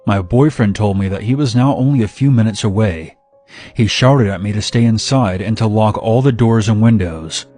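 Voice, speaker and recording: A man narrating a scripted first-person horror story in a steady, dramatic way. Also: on the low side, moderate pace, soft background music.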